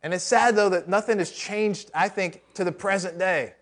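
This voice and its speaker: Male pastor, high voice, chatty sermon with rhetorical questions and light jokes. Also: normal speed, fairly bright tone. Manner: conversational, with rhetorical questions and joking asides.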